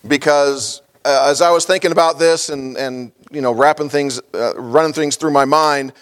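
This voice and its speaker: Folksy pastor preaching a sermon. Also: male voice, on the high side, steady tone, moderate pace. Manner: folksy storytelling with frequent fillers and chuckles.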